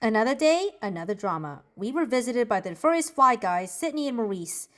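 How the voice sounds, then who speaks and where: A woman's voice: a little high, big pitch swings, fairly quick. A woman voicing a cheerful, bookish preteen girl in a journal-style character monologue, bubbly and giggly as she tells jokes. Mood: bubbly chatter. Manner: bubbly, giggly joke-telling.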